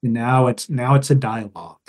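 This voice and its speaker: A man's voice: mid-range voice, fairly quick. A man, a guest on a podcast, talking in a casual, thoughtful way and explaining his ideas through examples and anecdotes. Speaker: guest storyteller.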